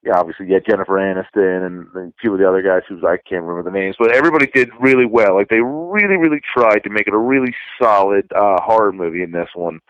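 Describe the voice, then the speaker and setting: A man in his thirties with a lowish voice talks through a casual podcast chat, wandering through his points and restarting sentences. The sound is dry and a little dull, as if from a cheap mic. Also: fast, few pauses, dry recording. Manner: relaxed, meandering, many restarts. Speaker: podcast co-host.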